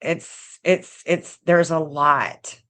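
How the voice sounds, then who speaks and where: This online true-crime astrology host is a middle-aged woman with a Southern accent and a deep, slightly bright voice. Talking very slowly with fairly even intonation, she chats loosely on her livestream, wandering off track, saying things twice, breaking off to start over, and laughing softly now and then.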